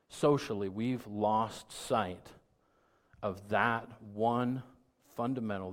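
Middle-aged pastor guy, lowish voice, chatty sermon that swells up loud and punchy. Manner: conversational preaching that builds to loud emphatic peaks.

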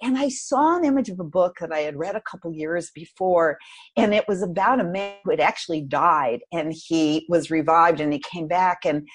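A woman guest on a podcast, telling a personal story in an animated, expressive way. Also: lowish voice, moderate pace, breathy edge.

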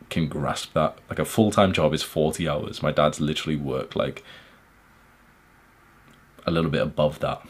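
A man from England, hosting a podcast, candidly recounting his childhood in an intense, halting way. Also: extremely low pitch. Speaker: podcast host. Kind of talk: personal storytelling monologue.

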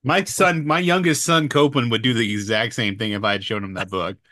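A man's voice: mid-range voice, fairly even intonation, fairly quick, sharp tone, no room sound. Dry-witted man co-host, close and dry. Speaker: podcast co-host. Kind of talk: casual chat.

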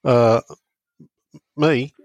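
A man's voice: medium pitch, fairly even intonation, drawn-out words, a little mellow, no echo, highs cut off. A man on a casual talk show, rambling through chatty local stories. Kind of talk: casual banter.

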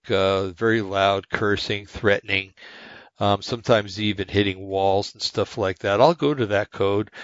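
A man's voice: fairly low pitch, creaky, a bit bright, no room sound. A man in his sixties talking casually in a rambling monologue, full of fillers and restarts. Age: 60s. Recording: dull lo-fi dry sound.

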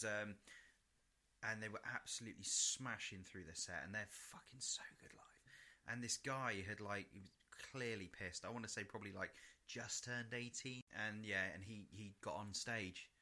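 A man's voice: fairly low pitch, moderate pace, sharp tone. A young man from co-hosting a podcast, chatting in a rambling, sweary way and acting out what people said. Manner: rambling and sweary, full of "like", acts out quotes. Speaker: podcast co-host. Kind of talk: casual chat.

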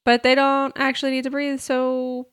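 A woman's voice: sits high, monotone, normal speed, smooth. A woman co-hosting a podcast, chatting casually about a book with a dry, skeptical manner. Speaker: podcast co-host. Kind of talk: casual book-club chat.

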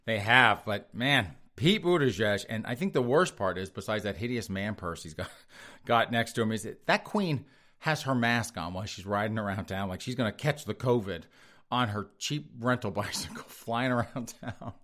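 A man in a podcast rant, reading out headlines and tearing into them with sneering sarcasm. He chuckles at his own lines as he goes, and his voice sits on the low side. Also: expressive, moderate pace, bright, forceful tone. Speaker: podcast host. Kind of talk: sarcastic news commentary.

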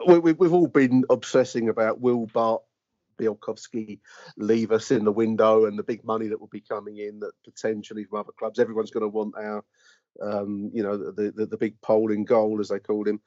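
A man's voice: lowish voice, level tone, brisk, a little mellow, no echo. Man, podcast host, casual football chat, rambling, hesitant, dry, slightly dull sound. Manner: rambling, hesitant, lots of fillers and restarts.

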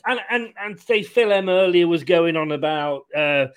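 A man hosting a casual live fan stream, chatting quickly and reading out viewer comments. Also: on the high side, animated, clean tone. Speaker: fan channel host.

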